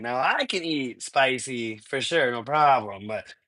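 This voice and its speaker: Man from the Midwest, bright forceful voice, dry close sound, rambling live cooking chat in a home kitchen. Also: medium pitch, expressive, measured pace, dry recording, rough recording. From Minnesota, US Midwest. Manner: chatty and rambling, laughs often, answers live chat. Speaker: cooking channel host. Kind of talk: casual live cooking stream.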